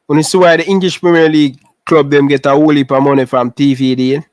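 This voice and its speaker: A man's voice: on the high side, flat delivery, quick pace, hardly any pauses, a little mellow, no echo. Jamaican man chatting casually on a livestream. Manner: chatty, repeats himself, addresses viewers by name. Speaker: livestream host. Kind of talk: casual live chat. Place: living in Canada.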